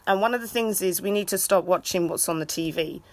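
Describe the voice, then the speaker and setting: A woman in a rambling live video chat. She rants and shouts out to friends in an excitable way. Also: on the low side, a little fast, no room sound. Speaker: vlogger.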